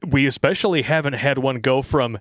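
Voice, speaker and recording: A man's voice: medium pitch, fairly quick, fairly bright tone, no room sound, studio quality. A man co-hosting a podcast, talking bluntly and sarcastically in casual political chat, laughing often. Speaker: podcast co-host.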